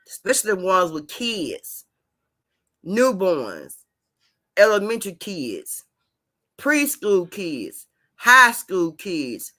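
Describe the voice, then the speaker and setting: Woman, channel host, bright voice, emphatic, repeats herself, preachy casual monologue. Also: mid-range voice. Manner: repetitive, emphatic, preaching to viewers.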